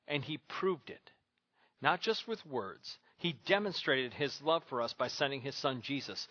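A man preaching a sermon with a bright, forceful voice that sits a little high. He preaches emphatically, repeating key phrases, and the sound is dry and somewhat muffled. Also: no echo. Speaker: pastor.

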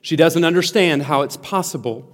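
A man's voice: fairly high pitch, moderate pace. A man preaching a sermon, emphatic and earnest, often restarting words as he explains. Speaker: pastor. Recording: long hall reverb.

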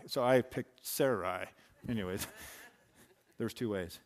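A man's voice: mid-range voice, takes it slowly, pauses often, darkish tone. A man preaching a sermon in a loose, conversational way, full of asides and restarts. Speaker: pastor.

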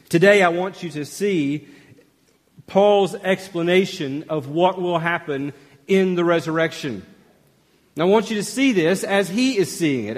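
Preaching man in a reverberant hall. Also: high-pitched. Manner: emphatic, rising and dropping to a hush. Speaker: pastor. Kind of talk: sermon. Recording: long reverb of a large hall.

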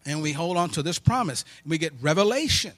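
A man's voice: fairly high pitch, animated, quick pace, fairly bright tone, no echo. A man preaching a sermon with personal stories, emphatic and in call-and-response style, often asking questions and answering them himself. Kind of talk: sermon with storytelling.

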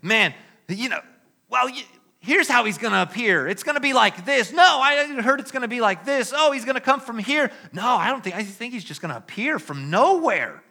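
Man doing a bickering crowd, high and animated, sharp bright tone, sermon retelling. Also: moderate pace, gravelly, exaggerated voice. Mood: excited. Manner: excited, overlapping back-and-forth. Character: chattering crowd of men speculating and bickering.

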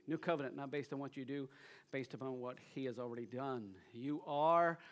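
A male pastor preaching a sermon to a live congregation, energetic and urging the listeners to respond, swinging between loud emphasis and quiet asides. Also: mid-range voice, moderate pace. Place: church service before a congregation.

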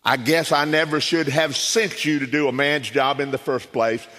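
A man putting on a stern farmer father who scolds his boy. He speaks gruff and a bit lower than the storyteller's own voice. The sound carries the long reverb of a church sanctuary. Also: fairly even intonation, normal speed, bright, forceful tone. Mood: scolding.

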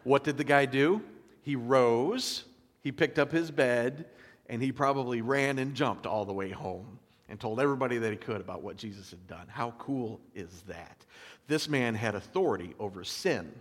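A man preaches in a relaxed, conversational way, reading verses aloud and breaking off into lively asides. His mid-pitched voice carries a long reverb, as if heard in a large hall. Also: normal speed. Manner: animated storytelling with asides and little laughs; casual, conversational preaching with fillers. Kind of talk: sermon reading and explaining scripture.

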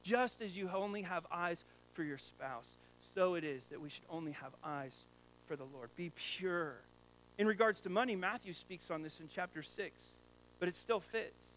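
A man's voice: high voice, moderate pace, fairly bright tone, slight background noise, low-quality recording. A man preaching a sermon as a pastor, in a conversational, joking style, full of rhetorical questions to the congregation.

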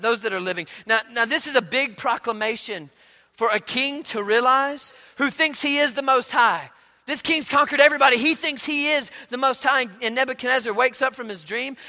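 Very high-voiced, bright male pastor preaching. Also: normal speed, long reverb tail. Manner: conversational storytelling with frequent word repeats. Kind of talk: sermon.

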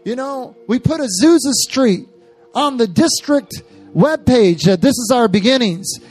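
A man's voice: very high voice, lively intonation, a little slow, darkish tone, soft background music. A man preaching an impassioned sermon and praying over a church service, with fervent, repeated declarations.

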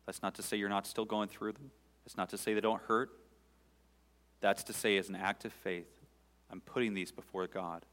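A man preaching a sermon as pastor, swelling to loud fervent peaks and sinking to near-whispers. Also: fairly low pitch, fairly even intonation, moderate pace, in a large hall.

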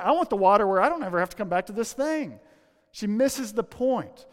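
A man preaching a sermon, chatty and humorous, dropping low and soft to stress a point. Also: long reverb tail. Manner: conversational, humorous asides, drops low and soft for emphasis. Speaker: pastor.

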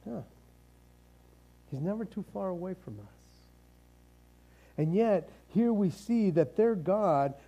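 High-voiced, mellow male preacher. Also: poor audio. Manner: casual, joking preacher, conversational asides and repeated starts. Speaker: pastor. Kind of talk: sermon.

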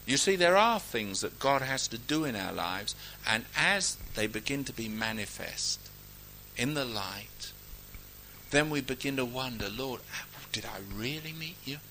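A man preaching a sermon, emphatic and exhorting, swinging between loud declarations and quiet asides. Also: medium pitch, animated, a little hiss or hum, poor audio. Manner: reads scripture aloud in a ringing, measured cadence.

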